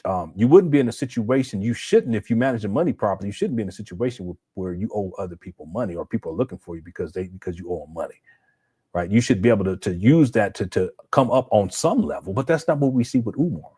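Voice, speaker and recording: A man's voice: on the low side, lively intonation, fast talker, dark tone, slightly rough. A man hosting a casual live stream, talking off the cuff, stumbling over and repeating words as he reacts to viewer comments. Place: home setup.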